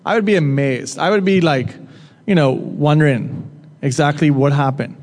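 A preacher delivers a sermon in a slightly raised pitch, speaking to the room as though chatting with it, asking the crowd questions and joking with them now and then. His darkish voice moves at a moderate pace and rings with a long reverb, like in a large hall.

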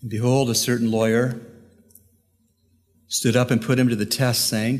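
A male pastor preaches with earnest, deliberate phrasing and pauses, telling a story to make his point. His voice sits at an ordinary mid pitch. It rings through a church sanctuary with a long reverb. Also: little pitch movement, faint music behind. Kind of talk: sermon with storytelling.

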